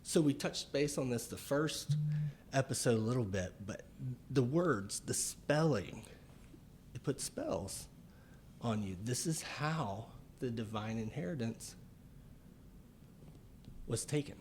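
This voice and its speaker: Male podcast regular and chiropractor, mid-pitched, unhurried, with halting fillers and faint background hiss. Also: animated, a little mellow. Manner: slow, deliberate explaining with pauses and fillers. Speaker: chiropractor and author. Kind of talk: casual podcast conversation.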